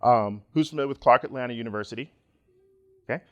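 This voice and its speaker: A middle-aged man from Nigeria giving a conference talk, joking and animated with the audience. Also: mid-range voice, fast talker, highs cut off. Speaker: conference speaker.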